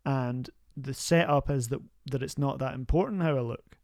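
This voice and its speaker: A man, a comedian guest on a podcast, talking in a wry, deadpan way and slipping in jokes. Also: medium pitch, normal speed, no room sound, studio quality. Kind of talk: casual podcast interview.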